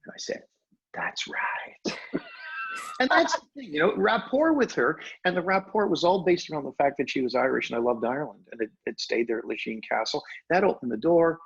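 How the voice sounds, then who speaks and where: An older man telling stories as a podcast guest, animated with expressive jumps in pitch. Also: fast talker, creaky, breathy edge, lo-fi sound. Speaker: guest, hypnosis trainer. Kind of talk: storytelling in conversation.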